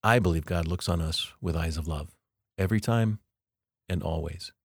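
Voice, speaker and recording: A man hosting a podcast, giving a reflective devotional monologue with slow, deliberate, emphatic phrasing. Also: deep voice, husky, dry recording, studio quality. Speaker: podcast host.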